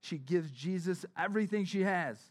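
Conversational male preacher, slightly high voice. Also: normal speed. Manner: conversational storytelling, often dropping to a soft, hushed tone. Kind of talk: sermon.

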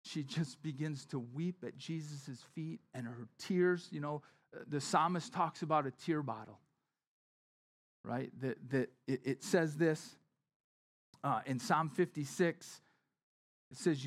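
A male preacher giving a sermon as conversational storytelling, often dropping to a soft, hushed tone. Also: a little high, takes it slowly.

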